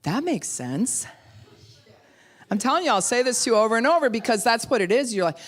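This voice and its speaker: A middle-aged woman pastor giving a sermon in a conversational, animated way, acting out quotes and laughing often. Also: mid-range voice, normal speed.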